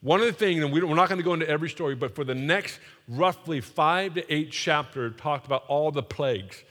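A man preaching a sermon in a church, energetic and joking, leading the congregation to repeat phrases after him. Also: on the high side, quick pace. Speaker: pastor. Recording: long reverb of a large hall.

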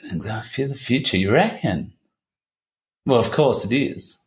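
A man in his thirties talking candidly as an interview guest, halting and repeating himself, swearing casually. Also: medium pitch, animated. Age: 30s. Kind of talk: candid personal conversation.

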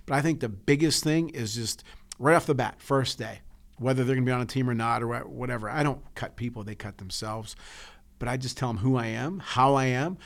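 A man's voice: medium pitch, fairly quick. A man who coaches, talking in a casual chat and telling stories with emotion, often repeating words as he starts over. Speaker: coach and podcast co-host.

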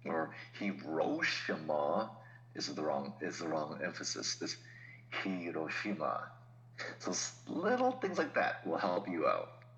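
A man's voice: a bass voice, wildly swooping pitch, moderate pace, gravelly, fairly bright tone, muffled recording. A man talking as a podcast guest in casual chat, explaining things patiently with laughs and asides.

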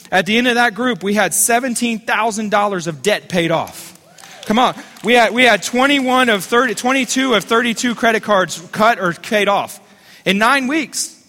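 A man's voice: high voice, bright, forceful tone, big-room sound. A man preaching a sermon as the pastor of a church, calling on listeners to repeat phrases back to him. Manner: fervent preaching with call-and-response.

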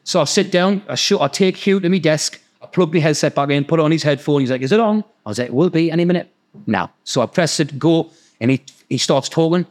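Animated Geordie man telling a story. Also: a little high, fast. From North East England. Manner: animated, acts out voices, swears freely. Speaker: podcast guest storyteller. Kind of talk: casual storytelling.

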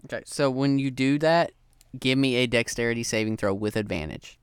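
A man's voice: medium pitch, a little fast, smooth, no room sound, studio quality. Laid-back man running a tabletop game. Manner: laid-back, hesitant with many ums. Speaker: game master.

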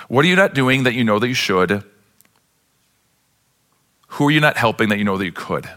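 A man's voice: mid-range voice, expressive, a little fast, pauses often, a bit bright. A man pastor preaching a sermon with impassioned delivery, sometimes acting out the characters in the story.

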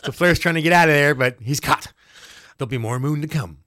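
Man, slightly high voice, dry close sound, lively jokey play-by-play recap. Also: fairly quick, no room sound. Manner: animated, jokey, acts out the wrestlers' yells. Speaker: podcast co-host recapping a wrestling match. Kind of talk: casual play-by-play chat.

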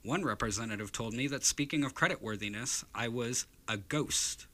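A man's voice: mid-range voice, normal speed, pushed and bright. A man putting on the voice of an old-time union organizer giving a soapbox speech. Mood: rousing. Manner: rousing, oratorical.

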